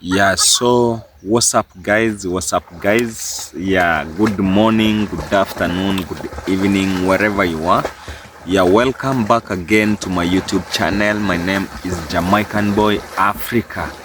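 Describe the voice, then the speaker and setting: Guy vlogging outside by a dam, slow repetitive talk, lotta background noise. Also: low-pitched, fairly even intonation. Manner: repetitive, sing-song hype talk. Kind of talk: casual outdoor vlog. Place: outdoors by a dam.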